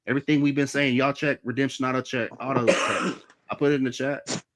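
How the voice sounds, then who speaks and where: A man in the middle of his own live stream, talking fast and loose about his life, angry and swearing freely. His voice sits in an ordinary middle range for a man. The talk is off the cuff, with no script behind it. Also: mid-range voice, level tone, fairly bright tone. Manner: heated, heavy swearing. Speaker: livestream host. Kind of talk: casual storytelling on a live stream.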